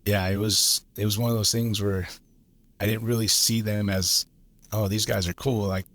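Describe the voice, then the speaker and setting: A man's voice: fairly low pitch, level tone, moderate pace, a bit bright, no room sound. A man, a lineman guest from Los Angeles, telling stories in a laid-back way, swearing freely and laughing as he goes. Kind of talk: casual storytelling.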